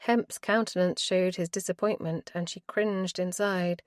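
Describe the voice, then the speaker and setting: A woman narrates an audiobook in a measured, even way, reading very slowly. Her voice sits a little low, and the recording is dry and close. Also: no echo. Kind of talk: scripted narration.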